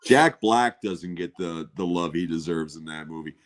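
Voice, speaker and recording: A man's voice: sits low, normal speed. A middle-aged man in casual chat on a watch party, telling stories with profanity and laughing often.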